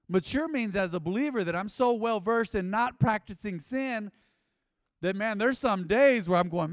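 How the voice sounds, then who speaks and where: High-voiced preacher working the congregation. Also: male voice, dry recording, clean studio sound, big-room sound. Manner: call-and-response, conversational, asks congregation to repeat. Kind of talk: sermon. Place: church sanctuary.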